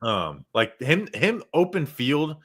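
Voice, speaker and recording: A young man hosting a sports podcast in casual, rambling chat, excitable and full of "like". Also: on the high side, slow pace, husky. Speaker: podcast host.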